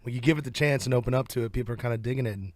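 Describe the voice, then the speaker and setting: A man with a Southern US drawl, chatting easily as a guest in a radio studio. He rambles in a relaxed way and laughs easily. His voice sits at an ordinary male pitch and sounds dry and close. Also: rapid-fire, dry recording. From southern United States. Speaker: country singer, interview guest. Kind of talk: casual interview chat.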